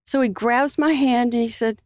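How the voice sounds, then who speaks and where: A woman guest on a podcast, earnestly telling a personal story in a halting way with many fillers. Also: fairly high pitch, fairly even intonation, darkish tone, no room sound, clean studio sound.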